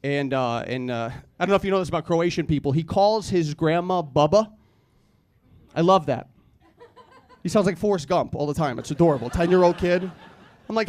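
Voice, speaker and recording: A man's voice: a little high, animated, fairly quick, darkish tone. A man in his thirties doing a rambling stand-up comedy set, self-deprecating and acting out the people he quotes. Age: 30s. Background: audience laughter.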